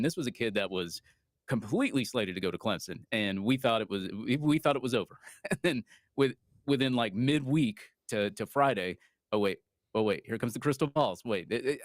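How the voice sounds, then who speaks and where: Co-host, man, mid-pitched, rambling and chuckling, dry close sound. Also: no room sound. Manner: rambling, laughs between points. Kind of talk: casual sports chat.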